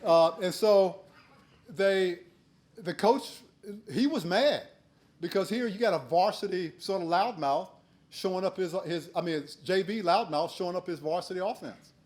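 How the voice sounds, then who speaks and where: A man's voice: sits high, normal speed. Older man telling a folksy keynote story. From United States. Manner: folksy, animated when retelling shouted quotes; earnest and urging in advice. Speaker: keynote speaker.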